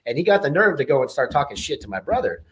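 A man hosting a podcast, telling a story in a fast, profane, animated way. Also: mid-range voice. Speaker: podcast host.

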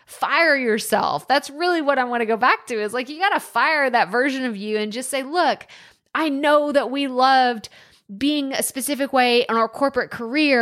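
A woman's voice: high voice, a bit bright. Texan woman, young adult, podcast host, chatty, self-deprecating, laughs at herself. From Texas. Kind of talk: solo podcast talk.

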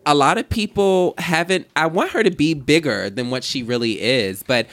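A young man co-hosting a casual group chat, slangy and animated when telling stories. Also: on the high side, normal speed, dry recording. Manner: animated, slangy, laughing storyteller. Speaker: podcast co-host.

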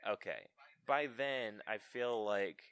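A man co-hosting a podcast, chatting loosely about a film in casual slang that is quick to curse. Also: fairly low pitch, fairly bright tone, clear, resonant tone, dry recording, clean studio sound. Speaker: podcast co-host.

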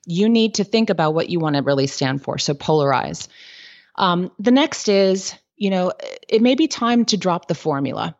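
A woman guest giving candid business advice in a podcast interview, telling lively stories with lots of "like" and "um". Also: fairly low pitch, moderate pace, highs cut off. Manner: candid, lively storytelling with frequent "like" and "um".

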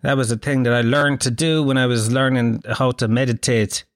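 A man's voice: mid-range voice, steady tone, moderate pace, no room sound, studio quality. A man in his thirties with an Irish accent, hosting a podcast in a rambling, sweary, self-mocking comic monologue. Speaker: podcast host.

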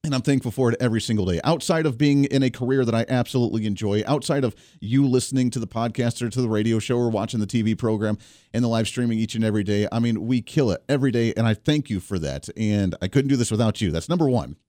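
His mid-range, mellow voice comes fast and without echo. He's in his thirties, from Kansas, and hosts a radio talk show, addressing listeners directly in a chatty, upbeat, opinionated manner. It's an energetic monologue on a studio mic, dry studio sound plus faint music.

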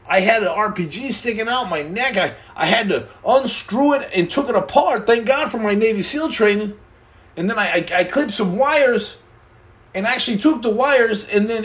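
A young man hosting a livestream from a room at home, answering viewer comments with boastful deadpan jokes and tall tales. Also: high-pitched. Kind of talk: joking livestream chat.

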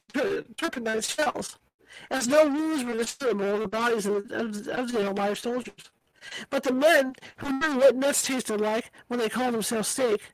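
A woman's voice: a little high, no room sound, low-quality recording. A woman reading a book aloud as an amateur reader, tripping over hard words and slipping in casual asides. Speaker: audiobook reader.

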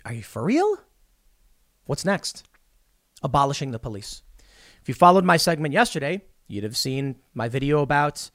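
A man's voice: a little high, a bit bright, no echo, clean studio sound. A man delivering a blunt, opinionated commentary monologue straight to his viewers, retelling events with acted-out dialogue. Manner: blunt, talks straight to the viewer with a personal take. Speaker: political commentator.

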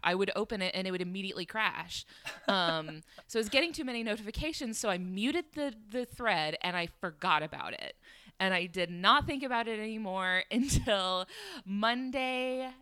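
Bright, animated woman telling a story. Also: medium pitch, clean tone, no room sound. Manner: animated, laughing often, many fillers. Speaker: podcast guest. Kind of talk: casual storytelling chat. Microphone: home podcast microphone.

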